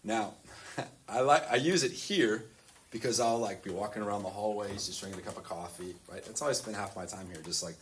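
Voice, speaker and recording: A man's voice: on the low side, fairly quick, a bit bright, distant mic. A priest gives an informal talk to a youth group. He is a man who rambles cheerfully, dropping "like" into nearly every phrase and breaking into laughter. Faint noise sits behind his voice. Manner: chatty, full of "like" fillers, laughs often. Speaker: priest and school chaplain. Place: boys' school in the US South.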